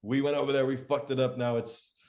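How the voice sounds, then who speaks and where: A man from the United States interviewing a guest in relaxed chat, laughing often and swearing casually. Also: medium pitch, a little fast.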